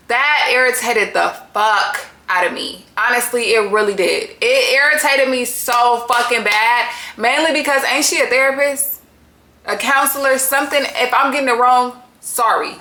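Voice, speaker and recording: A woman's voice: a little high, normal speed, sharp tone. A woman hosting a casual reality TV recap, talking bluntly and exasperated, swearing freely as she reacts. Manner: blunt, exasperated, heavy cursing. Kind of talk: casual profane recap commentary. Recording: echoey room.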